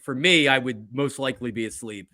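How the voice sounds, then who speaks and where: A man's voice: mid-range voice, brisk, no room sound. A man hosting a casual sports chat, telling stories animatedly and acting out quotes with lots of fillers. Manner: animated storytelling, acts out quotes, frequent fillers. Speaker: podcast host, former sports radio host.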